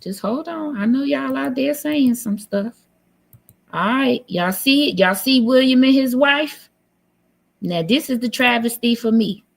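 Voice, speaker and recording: A woman's voice: high-pitched, a little slow, vocal fry. Woman streamer, casual sassy commentary, blunt and teasing, computer mic. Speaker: live stream host. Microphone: computer mic on a live stream.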